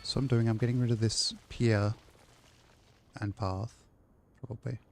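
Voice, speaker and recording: A man's voice: medium pitch, little pitch movement, unhurried, creaky. A man live-streaming a city-building game, chatting casually and rambling to his chat while he plays.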